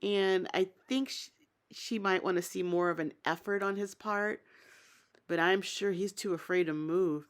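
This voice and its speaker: A woman with a slightly low voice talks through a reality show episode in a relaxed, chatty recap. She is opinionated and thinks out loud, weighing each moment as she describes it. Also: a little slow. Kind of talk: casual spoken episode recap.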